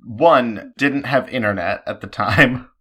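Young male co-host, bright and sharp tone, animated, jokey delivery. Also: medium pitch, takes it slowly, slightly rough. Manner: playful, jokey, animated storyteller. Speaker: podcast co-host. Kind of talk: casual chat.

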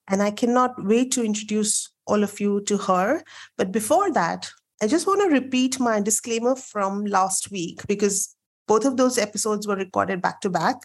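A woman hosting a podcast interview, her voice nasal and croaky from a sore throat, bubbly and quick to laugh. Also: medium pitch. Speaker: podcast host. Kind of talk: casual interview chat.

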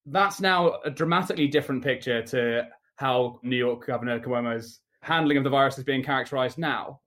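Measured male podcast host. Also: medium pitch, fairly bright tone. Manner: measured, formal questioning. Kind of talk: podcast interview.

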